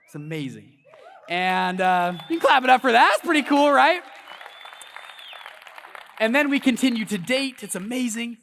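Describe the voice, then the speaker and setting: Man, 30s, high-pitched voice, animated motivational speaker in a big hall. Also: moderate pace, creaky, long pauses, slight background noise. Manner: storytelling, animated, hypes the crowd. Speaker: conference speaker. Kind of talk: motivational stage talk. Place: large event hall on stage.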